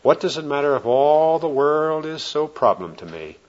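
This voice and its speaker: A man preaching a sermon, telling a story earnestly and often dropping his voice soft and low. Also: sing-song, normal speed. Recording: dull lo-fi old recording.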